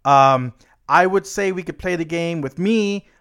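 American dude hosting a podcast, kinda high voice, chill, swears a lot, rambles. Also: male voice, unhurried, fairly bright tone, clean tone. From United States. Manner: laid-back, swearing, rambling. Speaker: podcast co-host. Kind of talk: casual chat.

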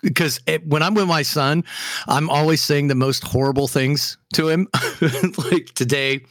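A man co-hosting a casual podcast chat, telling jokes with dark deadpan humor and laughing often. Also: fairly high pitch, a little slow, no echo. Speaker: podcast co-host.

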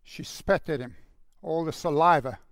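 Gravelly man preaching a story. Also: on the high side, normal speed, dry recording, clean studio sound. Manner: earnest, drops to a hushed voice for quoted lines. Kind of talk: sermon storytelling.

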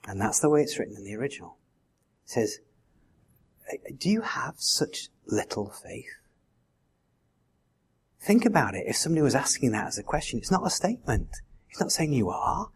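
Husky preacher man asking questions. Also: medium pitch, sing-song, fast. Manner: conversational, with rhetorical questions. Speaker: pastor. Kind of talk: sermon.

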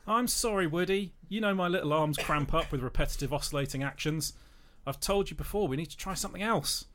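A chirpy, jittery toy dinosaur, as a man puts him on. He sounds eager and apologetic. The voice sits noticeably higher than the reader's own. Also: a little fast, a bit bright, natural voice.

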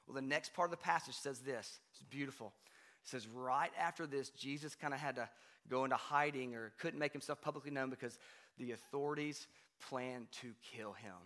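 A man preaching a sermon in a conversational way, often checking in with "right?" and swinging from hushed to loud. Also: sits high. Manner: conversational, frequent "right?" asides, animated swings from quiet to loud. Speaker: pastor.

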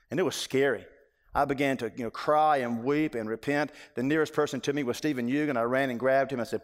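A middle-aged man preaching a sermon, earnest and halting, often restarting his sentences. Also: mid-range voice, fairly even intonation. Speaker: pastor. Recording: long reverb of a large hall.

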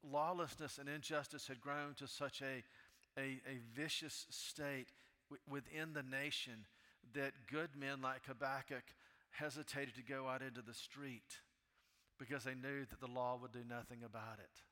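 A man preaching a sermon, dropping low and quiet, then rising into loud, impassioned pleading as he reads scripture. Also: fairly even intonation, moderate pace, in a large hall. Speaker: pastor.

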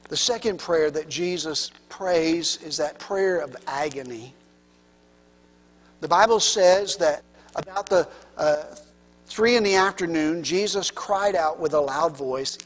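A man preaching a sermon with passion, his delivery swinging from hushed near-whispers to loud, rising cries. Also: on the high side, a little slow. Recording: long reverb of a large hall.

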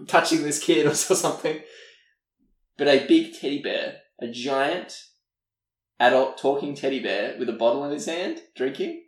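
At a moderate pace and medium pitch, a male podcast co-host animatedly retells a TV episode in casual conversation. He laughs often and performs the characters' lines, and the audio sounds roomy and distant.

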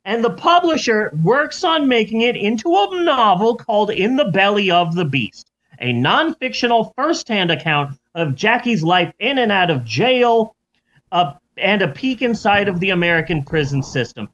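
Slow, rambling comic narrator, man, higher voice, dull recording. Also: sing-song, a bit bright. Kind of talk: comedic storytelling.

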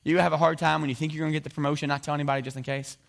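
Lively man preaching, jokes a lot, acts out voices mid-sermon. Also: fairly high pitch, rapid-fire, gravelly. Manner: animated, jokey, acts out voices of biblical figures. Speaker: pastor.

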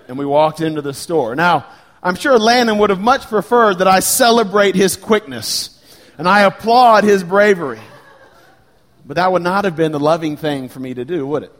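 A man in his thirties preaching a sermon as pastor, earnest and animated when he tells stories. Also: a little high, moderate pace.

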